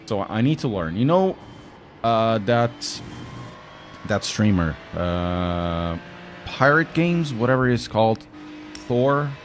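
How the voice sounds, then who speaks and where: A man's voice: fairly low pitch, sing-song, a little slow, soft background music. A man with a Portuguese accent chatting casually on a live stream, joking and answering chat as he drives a sim race.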